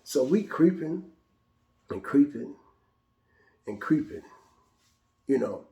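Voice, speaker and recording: A male host telling a personal story in an animated, casual, profane way, with frequent restarts. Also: medium pitch, slow, gravelly, echoey room. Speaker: show host.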